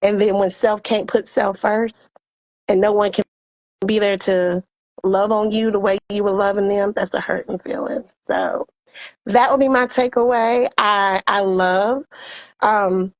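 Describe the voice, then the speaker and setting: A woman co-hosting a casual talk show, telling stories and giving heartfelt advice in an expressive, animated way. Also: mid-range voice, measured pace. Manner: expressive, animated storytelling with quoted dialogue. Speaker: co-host.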